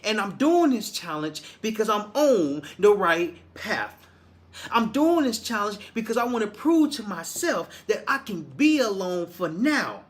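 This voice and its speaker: A man's voice: high voice, very animated, a little slow. A man from Arkansas, giving a motivational monologue in a preachy, repetitive way with many restarts. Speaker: motivational speaker.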